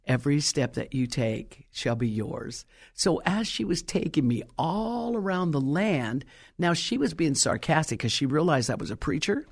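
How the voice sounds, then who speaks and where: A middle-aged woman preacher telling a story in a sermon, stressing key words slowly. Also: low-pitched, sing-song, husky.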